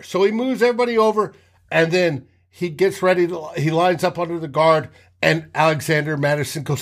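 A man hosting a casual sports talk show, telling game stories with animated re-enactments of players' shouts. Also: a little high, brisk. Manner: animated, acts out players' shouts mid-story.

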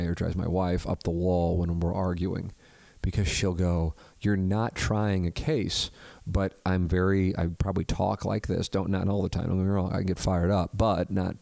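A middle-aged man hosting his own podcast, talking in a calm, measured, conversational way. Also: sits low, creaky, no room sound. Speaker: podcast host. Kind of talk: casual solo talk and live read.

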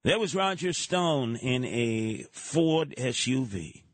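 A man's voice: mid-range voice, takes it slowly, dry recording. A man hosting a talk radio show, ranting in a monologue and slipping into mocking impressions. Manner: animated, jumping into mocking impressions.

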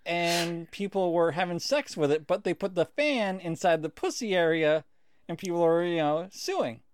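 A man's voice: high voice, lively intonation, normal speed, dry recording. Man, podcast co-host, laid-back, slangy storyteller, dry sound. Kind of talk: casual chat.

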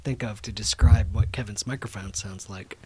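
A man's voice: fairly low pitch, fairly even intonation, normal speed, slight background noise. Playful man on a podcast. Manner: playful, quirky comparisons. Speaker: podcast co-host. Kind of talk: casual chat over a call.

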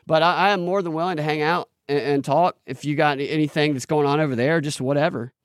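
A man's voice: a little high, fairly even intonation, quick pace, dry recording, clean studio sound. A man from the United States hosting a podcast, chatting casually in a rambling, joking way with many restarts. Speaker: podcast host. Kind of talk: casual chat.

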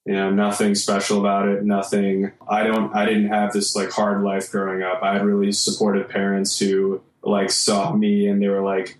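A guest musician from Michigan in the United States, a singer and guitarist, chats casually on a podcast, rambling and poking fun at himself. His voice is lowish and completely flat, at a moderate pace with few pauses, and the recording has a roomy echo.

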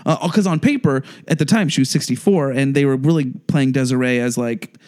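A man co-hosting a podcast, telling a story in a rambling, halting way. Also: medium pitch, darkish tone. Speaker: podcast co-host. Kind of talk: casual podcast chat.

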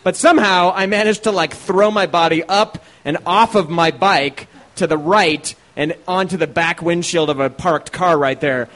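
A man's voice: high-pitched, moderate pace, few pauses, a bit bright. A man telling a profane, comic story live on stage, laughing through it. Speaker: co-host and storyteller. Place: live show at a small venue.

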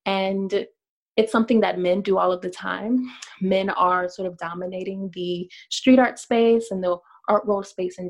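A woman speaks in a somewhat low voice, telling her own story as a street artist. Her delivery is earnest and reflective, dotted with ums as she gathers her thoughts. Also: low-quality recording. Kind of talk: personal storytelling monologue.

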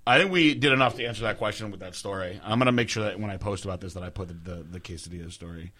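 A young man co-hosting a casual podcast, his voice bright and forward. He talks in an animated, loose way, swears often and repeats words as he goes. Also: fairly low pitch, racing. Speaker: podcast host.

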